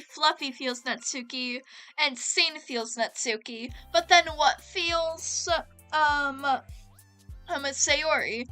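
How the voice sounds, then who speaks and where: A woman with a high, bright voice talks unhurriedly through a gameplay session. She is chatty and giggly and keeps addressing her chat. Faint game music plays behind her. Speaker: let's play gamer. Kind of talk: casual gameplay commentary.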